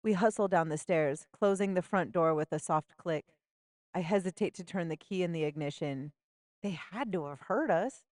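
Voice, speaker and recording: A woman's voice: lowish voice, normal speed, a little mellow, no room sound, studio quality. A woman narrating her own memoir audiobook in the first person, in a wry, intimate, matter-of-fact manner.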